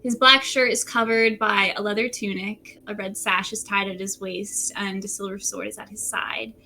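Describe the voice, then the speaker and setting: A woman narrating a tabletop game as game master, telling the scene in a relaxed way with frequent fillers, recorded at home. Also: mid-range voice, normal speed, gravelly. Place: room at home by a window.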